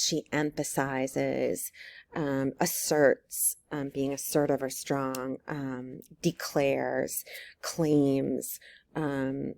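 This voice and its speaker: A woman teacher walking students through an essay outline step by step, encouraging and full of ums and quick check-ins. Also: sits low, dark tone. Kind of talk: recorded writing lesson walkthrough.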